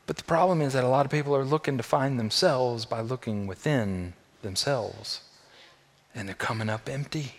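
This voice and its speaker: A male pastor delivering a sermon to his church, repeating phrases for emphasis and swinging from loud, high peaks down to soft, low tones. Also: normal speed, long reverb tail.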